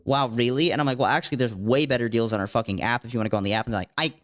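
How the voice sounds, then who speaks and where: A man's voice: mid-range voice, fairly even intonation, fairly bright tone. A young man from Virginia, ranting profanely in casual podcast chat. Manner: profane, ranting, quick-talking. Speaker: podcast co-host.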